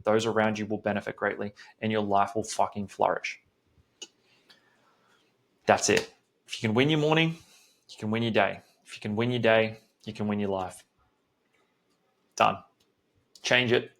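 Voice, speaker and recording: Blunt, profane podcast coach, man. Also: on the low side. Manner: direct, pep-talk delivery. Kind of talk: solo podcast monologue.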